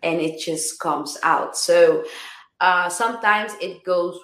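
Woman, songwriter guest, lowish pitch, reflective, repetitive phrasing, roomy echo. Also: slow, a bit bright. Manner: reflective, repeats words and restarts often. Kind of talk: casual interview chat.

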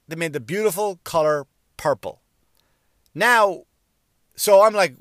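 A fairly high-voiced man rants in exasperated comedic style, swearing freely and tripping over his words as he repeats himself. The sound is dry and close, with no room around it. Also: unhurried, pauses often, a bit bright, no echo. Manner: profane, exasperated storytelling. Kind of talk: comedic rant.

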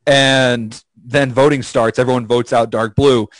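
A man co-hosts a podcast, chatting casually and telling stories, speaking a little slowly in a dry recording. He's an animated storyteller who acts out quotes with big jumps in pitch.

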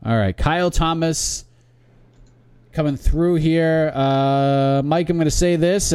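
A man's voice: on the high side, slow pace, darkish tone, clear, resonant tone, no echo, studio quality. A man co-hosting a casual sports podcast, wryly reading listener emails aloud. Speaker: podcast co-host.

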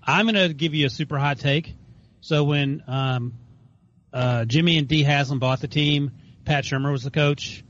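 A man's voice: a little high, normal speed, fairly bright tone. Male sports podcast host, pushes strong takes, muffled remote sound. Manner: emphatic, opinionated. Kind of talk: casual sports podcast chat. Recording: lo-fi remote audio.

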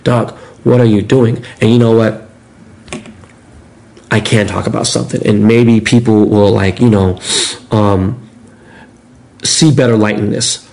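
Guy on a podcast, swears a lot, acts out what ppl said, loose and animated. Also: on the low side, unhurried, creaky, pauses often. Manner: animated, profane, acts out quotes. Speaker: podcast guest. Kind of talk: casual storytelling.

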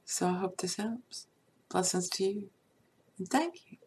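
A woman casually telling a personal story from her life to her viewers, chatty with many asides and soft laughs. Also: medium pitch, expressive, a little slow, a little hiss or hum.

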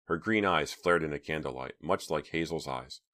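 Deep-voiced male audiobook narrator. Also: normal speed, sharp tone.

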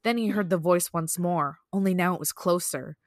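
A woman's voice: on the low side, moderate pace, no echo, clean studio sound. A woman co-hosting a podcast, chatting casually, giggling, and reading creepy stories aloud with playful drama. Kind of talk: casual chat and story reading.

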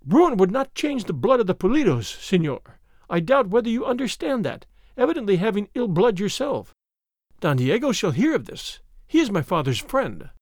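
A man's voice: sits high, very animated, normal speed, a little mellow, dry recording, studio quality, heavily acted. A man doing a fiery, indignant young lady. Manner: indignant, spirited. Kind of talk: audiobook character reading.

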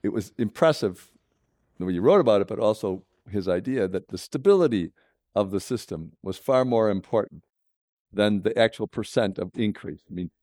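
A man hosting a conversational interview, asking thoughtful, measured questions. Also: on the low side, expressive, warm tone. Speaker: interviewer host.

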